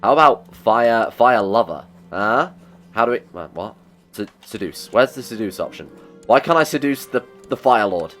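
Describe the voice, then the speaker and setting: Man, gaming host, let's play commentary, excitable, self-mocking, soft background music. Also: lowish voice, normal speed. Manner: excitable, talks to in-game characters.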